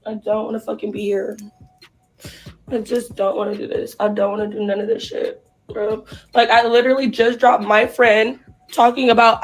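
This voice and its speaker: A young woman performer, crying and hoarse, ranting profanely and in distress straight at her livestream viewers. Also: on the high side, little pitch movement, normal speed, rough recording. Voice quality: husky. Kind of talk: emotional livestream rant.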